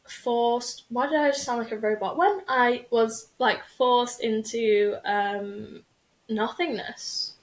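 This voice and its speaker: A young woman chats away as a podcast host, rambling and loose, with lots of fillers. Her voice sits a little high. The room around her rings with echo. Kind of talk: casual chat. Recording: echoey room.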